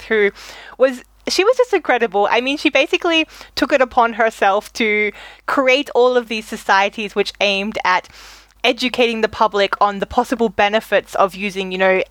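A woman's voice: fairly high pitch, fairly bright tone, dry recording. Chatty woman, dry close sound. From Australia. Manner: chatty, laughs often. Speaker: podcast co-host. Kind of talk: casual chat.

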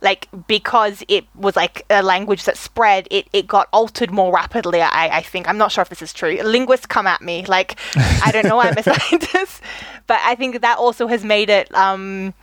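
An Australian woman co-hosting a podcast chats casually and laughs often. She speaks at a normal speed in a mid-range, fairly bright voice, with no room sound.

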